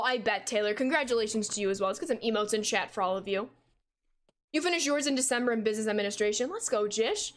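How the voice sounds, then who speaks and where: A young American woman in her twenties, a gaming streamer chatting casually with her viewers, loud and talkative, reading chat aloud and laughing often. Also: fairly high pitch. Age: 20s. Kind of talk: casual livestream chat while playing.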